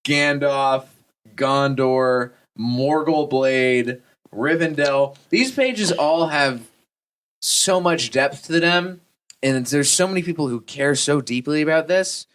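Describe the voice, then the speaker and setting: A man's voice: a little high, takes it slowly, fairly bright tone. A man from Texas hosting a podcast, chatting casually in a jokey, rambling way with many restarts. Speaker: podcast host. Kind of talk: casual chat.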